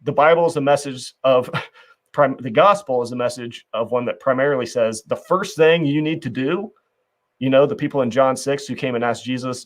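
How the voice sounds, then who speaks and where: Male host, mid-pitch, earnest and reflective, conversational, stumbles and restarts phrases. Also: moderate pace. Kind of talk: conversational faith discussion.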